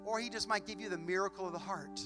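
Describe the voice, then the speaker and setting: A man's voice: high voice, fairly even intonation, fast, music in the background. A pastor preaching a sermon with impassioned delivery, his intensity rising and falling as he acts out prayers aloud. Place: church sanctuary.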